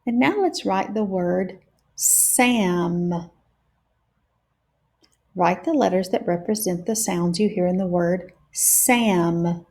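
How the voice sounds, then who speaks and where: A woman teacher leading a phonics lesson for young children, sounding out each word slowly and clearly. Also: on the low side, a little mellow. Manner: slow and deliberate, stretching out each sound.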